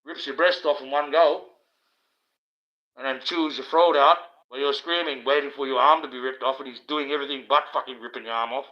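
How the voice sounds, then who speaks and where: A man's voice: mid-range voice, fairly even intonation, brisk. A man, hosting a livestream and ranting in a rambling, profane monologue. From Australia. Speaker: livestream host. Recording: dull lo-fi stream audio.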